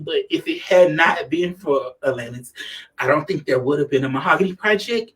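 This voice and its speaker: A man's voice: a little high, fairly bright tone, recorded from a distance, rough recording. A man giving a heartfelt, tearful thank-you speech at a community anniversary event, repeating himself as he talks. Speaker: community leader being honored.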